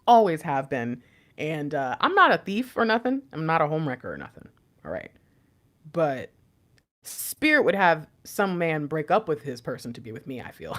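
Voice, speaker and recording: A woman's voice: fairly low pitch, very animated, fairly quick. A woman giving a casual tarot reading, playful and slangy, often breaking into laughter and asides. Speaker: tarot reader.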